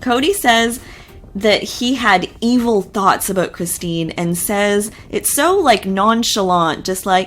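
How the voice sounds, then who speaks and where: A woman in the host seat of a casual TV recap, chatting through the episode in her ordinary middle-pitched voice. She is opinionated and loose, with fillers and quick asides sprinkled throughout. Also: expressive, faint music behind.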